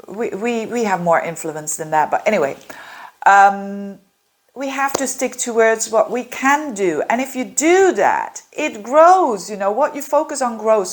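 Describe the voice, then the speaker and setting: A woman, a native Dutch speaker, reading monthly horoscopes as an astrologer, earnest and encouraging, with many fillers and restarts. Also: medium pitch.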